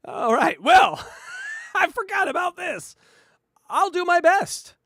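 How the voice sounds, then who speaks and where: Loud, high-pitched jokey man host. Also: expressive, takes it slowly. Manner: loud, mocking, jokey fake translations. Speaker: comedy podcast co-host. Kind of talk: riffing commentary over clips.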